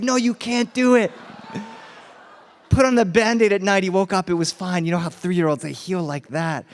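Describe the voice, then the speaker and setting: A man telling a personal story live to families, animated and acting out voices, dropping in Spanish phrases. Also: on the high side, in a large hall. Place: festival tent, live audience.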